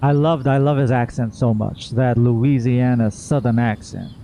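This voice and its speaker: A man's voice: mid-range voice, steady tone, moderate pace, vocal fry, dark tone, slight background noise. A man chatting casually and enthusiastically while streaming a video game, rambling from one thought to the next. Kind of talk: casual gameplay commentary. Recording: game music faintly behind.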